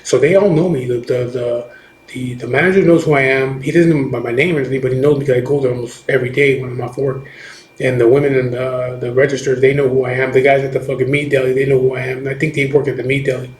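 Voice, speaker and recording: A middle-aged man, a biker, tells a story in rough, profane, rambling talk, circling back over his words. His voice sits at an ordinary pitch and bounces off the walls of an echoey room. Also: fairly even intonation, fast, a little mellow. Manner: profane, rambling, with many restarts and "you know what I mean". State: recovering from chemotherapy. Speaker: biker telling a personal story. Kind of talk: casual storytelling.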